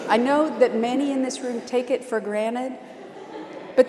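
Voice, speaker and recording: A woman's voice: on the high side, moderate pace, mellow, reverberant, big-room sound. A woman pastor preaching a sermon, telling stories with strong emphasis and repetition.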